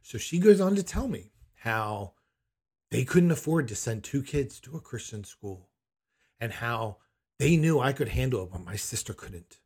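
Middle-aged man, mid-pitch and husky, emphatic and incredulous personal storyteller. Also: animated, measured pace, a little mellow. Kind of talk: personal anecdote.

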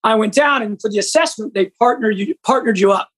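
A man hosting a casual chat, telling an animated anecdote. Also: high voice, quick pace, low-quality recording.

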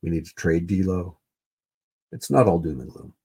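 A man's voice: deep voice, normal speed, dark tone, husky. A man hosting a solo podcast, rambling and swearing, repeating himself with lots of fillers. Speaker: podcast host. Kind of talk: casual solo sports podcast rant.

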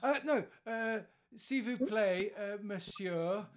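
A man's voice: high voice, slow, a little hiss or hum. A man, co-hosting a casual chat, joking and laughing often. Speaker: co-host.

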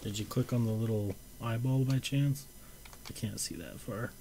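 Young male co-host, mid-pitched voice, easygoing questions, faint background noise. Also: normal speed, dark tone. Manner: short, laid-back questions and reactions. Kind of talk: casual chat.

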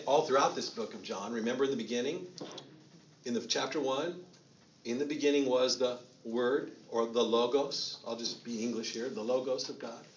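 A man's voice: mid-range voice, muffled recording, a little hiss or hum. A middle-aged man, a pastor, teaching a sermon on scripture in a conversational way, repeating himself and asking the room questions.

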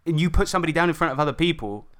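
A man with a voice sitting a little high talks through a clip on a commentary podcast. He sounds indignant and conversational. He keeps stumbling into restarts and side remarks. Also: animated, rapid-fire, fairly bright tone. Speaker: commentary host. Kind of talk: casual commentary chat.

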